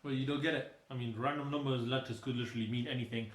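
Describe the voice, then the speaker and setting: A man's voice: mid-range voice, fairly even intonation, rapid-fire, echoey room, poor audio. A young man in his twenties, a dentist hosting a casual meme reaction chat, joking and explaining things patiently. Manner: playful, jokey, explains patiently. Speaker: dentist and channel host.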